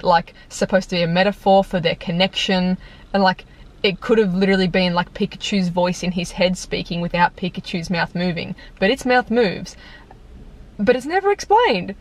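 Young woman vlogger, casual exasperated movie rant, chatty, filler-heavy. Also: medium pitch. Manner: chatty and exasperated, lots of "like", breaks into laughter. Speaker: video reviewer. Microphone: compact camera on tripod.

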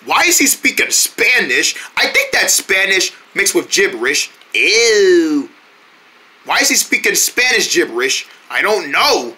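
A man voicing an excitable young male cartoon deer who argues and bickers with his friends. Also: high voice, unhurried, exaggerated voice. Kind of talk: homemade cartoon voice acting.

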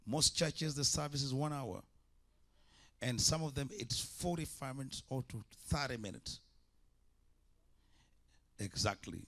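A man's voice: medium pitch, unhurried, pauses often, a bit bright. A man preaching a sermon as an evangelist, impassioned, with repeated call-and-response lines.

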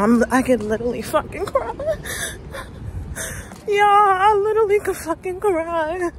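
A woman with a notably high voice vents to her viewers in a casual, heated, profane rant about a film. She talks straight at a phone camera outdoors, with a faint hum of traffic around her. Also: lively intonation, a little slow, pauses often. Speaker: vlogger reviewing a movie.

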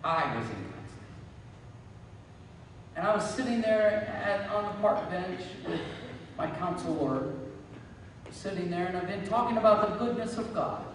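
Male pastor, very high voice, deliberate sermon delivery, roomy church echo with faint ambience. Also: animated, slight background noise. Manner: preaching with repetition, rising to fervent prayer. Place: church sanctuary. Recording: echoey church hall, mic at a distance.

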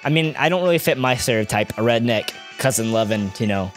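A man's voice: mid-range voice, lively intonation, brisk, soft background music. A young man doing let's-play commentary, chatty and rambling, often drifting off on tangents. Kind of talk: video game commentary.

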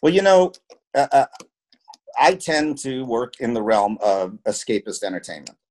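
A man's voice: medium pitch, moderate pace, a little mellow. A man talks as an interview guest about his work in film and television. He tells anecdotes in an earnest way, often repeating a word as he restarts a sentence. His voice sits in the middle range for a man. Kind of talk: conversational interview, telling anecdotes.

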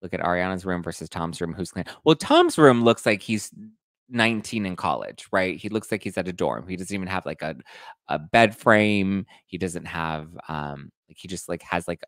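A man hosting a casual live stream, reading viewer comments aloud with animated mock outrage. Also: sits low, moderate pace, dry recording, studio quality. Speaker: host reading live chat.

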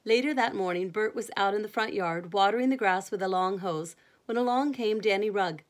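A woman's voice: medium pitch, brisk. Woman reading a bedtime story. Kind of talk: reading a children's book aloud.

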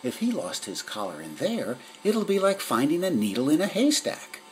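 A kindly, eager female cat detective from a storybook, put on by a man reading aloud. She exclaims earnestly, pitched well above a man's voice. The sound has a strained, unnatural timbre. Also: wildly swooping pitch, moderate pace, poor audio. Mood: exclaiming.

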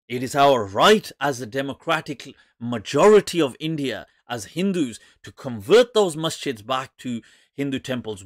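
A man, an Islamic scholar, giving casual commentary to camera in an animated, mocking way, laughing often. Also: mid-range voice, no echo, studio quality.

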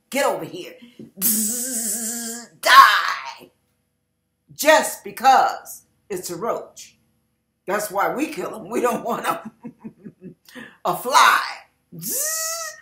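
Woman preaching slow and fervent, crisp bright tone, echoey room. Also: on the high side. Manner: fervent and emphatic, sometimes breaking into loud cries. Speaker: online preacher. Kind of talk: emotional sermon message.

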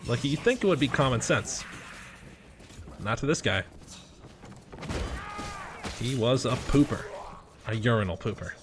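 Excitable, cursing man over game noise. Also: medium pitch, a little slow, long pauses. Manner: excitable, swears often, rambling asides. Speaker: gaming channel host. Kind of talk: gameplay commentary.

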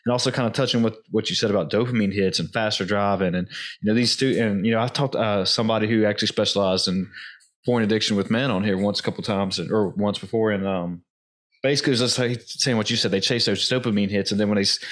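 A man's voice: on the low side, fairly even intonation, quick pace, fairly bright tone. A man hosting a podcast, chatting casually and rambling through his points. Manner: rambling, many fillers and restarts. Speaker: podcast host.

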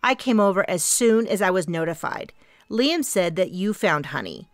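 A woman's voice: fairly low pitch, animated, moderate pace, no echo, clean studio sound. A woman voicing a confident, poised businesswoman who owns a company, speaking in a gracious, composed way.

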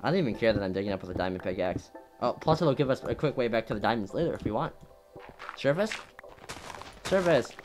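A gameplay commentator talking over their own play, jumpy and quick to swear, yelping at every scare. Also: medium pitch, over music.

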